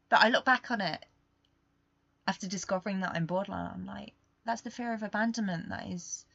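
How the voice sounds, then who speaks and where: A young woman hosting a podcast, talking candidly in a rambling, confessional way that swings between quiet and emphatic. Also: medium pitch, gravelly, no echo, lo-fi sound. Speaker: podcast host. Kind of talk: casual confessional monologue.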